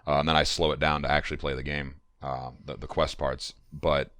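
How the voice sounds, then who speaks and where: A man's voice: a bass voice, flat delivery, a little fast, a bit bright, no room sound, clean studio sound. A man co-hosting a casual gaming podcast, rambling enthusiastically with lots of "uh" and "like". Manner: rambling, many fillers, enthusiastic. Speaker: podcast co-host. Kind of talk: casual chat.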